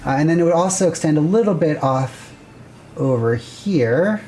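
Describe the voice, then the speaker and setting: A woman's voice: low-pitched, lively intonation, moderate pace, mellow, a little hiss or hum. A woman hosting a livestream, casually thinking aloud and chatting with viewers while she sketches a building plan. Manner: rambling, self-correcting, chatty with viewers. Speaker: livestream host.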